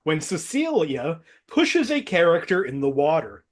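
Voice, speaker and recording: A man's voice: a little high, huge pitch swings, measured pace. A man hosting an online movie quiz game, reading out clues steadily and laughing often with the players. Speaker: game show host.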